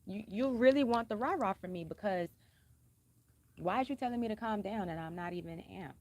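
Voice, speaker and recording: Blunt, cussing woman speaking pointedly. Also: a little fast. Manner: blunt, cusses freely, speaks pointedly with emphatic repetition; says she is a singer who keeps her voice calm and low-key. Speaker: vlogger. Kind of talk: casual personal talk to camera.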